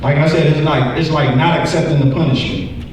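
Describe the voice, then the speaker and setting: A man in his forties teaching a Bible lesson in an animated way, acting out quoted voices and repeating words. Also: a little high, brisk, slight background noise. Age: 40s. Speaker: church teacher. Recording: echoey room from far off.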